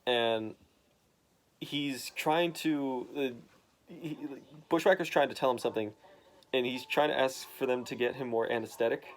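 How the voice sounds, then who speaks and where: A man in a loose, rambling recap of a comic book. He talks in a mid-pitched voice, full of fillers and the occasional curse. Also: normal speed. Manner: rambling, filler-heavy, swearing.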